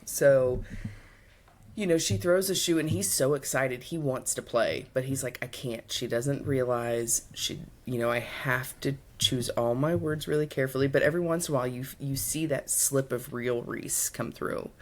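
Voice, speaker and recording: A young adult woman co-hosting a book podcast, chatting casually and acting out characters in quick quotes as she retells the story. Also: a bass voice. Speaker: podcast co-host.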